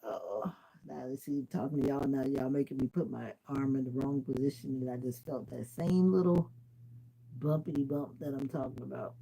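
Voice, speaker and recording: A woman's voice: a bass voice, normal speed, creaky, mellow, a little hiss or hum, poor audio. A woman from Jamaica chatting casually on a livestream, answering viewers' comments and laughing often. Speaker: livestream host. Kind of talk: casual live-stream chat.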